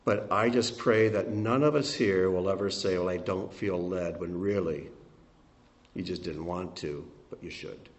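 An older man preaching a sermon as pastor, swinging between emphatic peaks and quiet, soft asides. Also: deep voice, unhurried, muffled recording.

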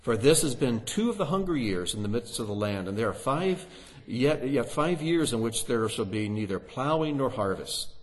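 A man's voice: medium pitch, expressive, normal speed, hardly any pauses. A man teaching through a Bible passage, reading scripture aloud with rising emphasis and asking his listeners rhetorical questions.

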